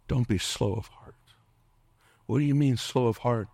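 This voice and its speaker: A middle-aged man preaching a sermon as pastor, impassioned, calling out to the congregation and at times dropping to a hushed whisper. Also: medium pitch, moderate pace, no room sound. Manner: calls out to the congregation for responses.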